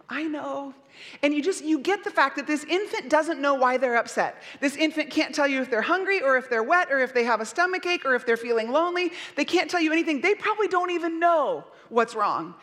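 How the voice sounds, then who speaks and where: Earnest high-voiced woman preaching in a hall. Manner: gentle, earnest, soothing. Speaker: pastor. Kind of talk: sermon. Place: church. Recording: long reverb of a church hall.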